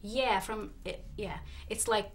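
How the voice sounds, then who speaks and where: A woman hosting a comedic talk show, chatting casually in a hesitant, halting way. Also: medium pitch.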